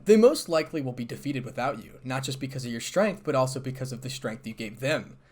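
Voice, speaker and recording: Azazel, a man doing a calm smirking fallen angel. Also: medium pitch, fast talker, natural voice. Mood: amused calm. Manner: laid-back, amused, calm. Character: smug, teasing male fallen angel leader.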